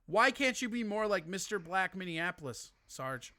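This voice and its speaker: A man's voice: high voice, sing-song, moderate pace, pushed and bright. A man hosting a live streaming show, trading sarcastic, profane, mock-outraged jabs with a caller in casual comedic banter.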